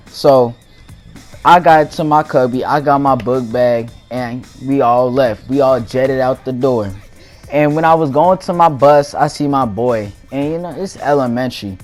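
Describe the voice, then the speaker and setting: A man's voice: mid-range voice, moderate pace, a little mellow, soft background music. A young man hosting a gaming channel, telling a story casually in slangy speech and laughing as he goes. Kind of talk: casual storytelling over gameplay.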